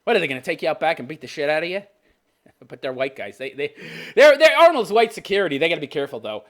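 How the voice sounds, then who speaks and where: Fifties male commentary host, sarcastic and profane, laughing often, with an animated, swinging pitch. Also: fast talker. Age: 50s. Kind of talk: ranting video commentary.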